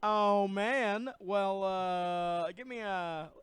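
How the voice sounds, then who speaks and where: A man's voice: sits high, very slow, a bit bright, clean tone. A young man co-hosting a podcast in casual chat. He sounds laid-back and rambling and is fond of jokes. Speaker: podcast co-host.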